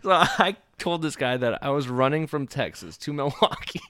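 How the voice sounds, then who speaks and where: A man's voice: medium pitch, moderate pace, pushed and bright. A man hosting a casual comedy podcast, telling a story with frequent laughter and swearing. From Iowa. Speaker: podcast host.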